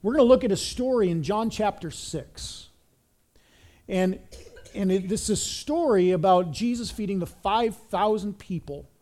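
A man's voice: high-pitched, moderate pace, warm tone. A man preaching a sermon in a conversational way, often checking in with the audience through rhetorical questions and rising sharply for emphasis. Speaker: pastor.

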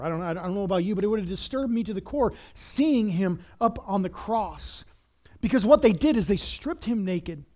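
A man preaching a sermon as a pastor, reading scripture and talking in an earnest, animated way with frequent restarts. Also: high-pitched.

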